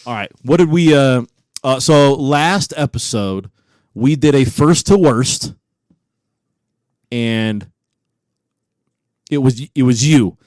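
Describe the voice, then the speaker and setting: A man in his forties, co-hosting a podcast, telling stories in a profane, animated way and laughing often. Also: medium pitch, takes it slowly, pauses often, no room sound, clean studio sound. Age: 40s. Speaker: podcast co-host. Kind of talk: casual chat.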